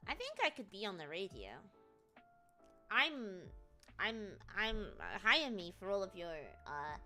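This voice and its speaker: A woman's voice: medium pitch, big pitch swings, unhurried, sharp tone, soft background music. A British woman streaming, chatting casually in a rambling, jokey way with lots of laughter. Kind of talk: casual chat.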